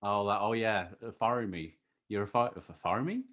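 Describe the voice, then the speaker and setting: A man's voice: lowish voice, moderate pace. A man hosting a podcast in casual, teasing chat. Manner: playful, teasing, animated. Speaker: podcast host.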